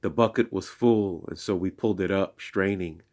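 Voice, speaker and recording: A man telling a playful story in a slow, hushed, deliberate way, with call-and-response chants. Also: deep voice. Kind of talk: spoken children's storytelling.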